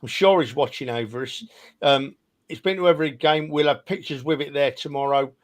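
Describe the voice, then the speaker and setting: A man with a fairly high speaking voice who co-hosts a football fan podcast. He talks in casual chat, teasing and bantering with his co-hosts. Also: fairly quick. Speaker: podcast co-host.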